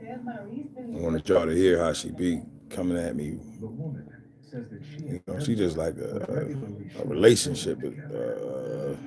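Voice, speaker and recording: Young Philly guy, low voice, loose rambling livestream host, crowd noise behind. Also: wildly swooping pitch, takes it slowly, creaky, long pauses. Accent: Philadelphia. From Philadelphia. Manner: loose, rambling, talks straight to viewers. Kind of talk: casual livestream chat.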